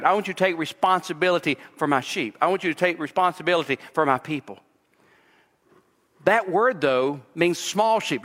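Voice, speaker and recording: Bright-voiced man preaching in a hall. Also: on the high side. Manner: expository preaching with personal stories, voice rising when emphatic. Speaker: pastor. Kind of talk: sermon.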